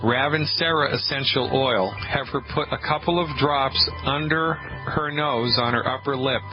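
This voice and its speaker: A man hosting a call-in health radio show, talking in an animated, sarcastic and emphatic way. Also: mid-range voice, unhurried, over music. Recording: muffled radio broadcast with faint hiss.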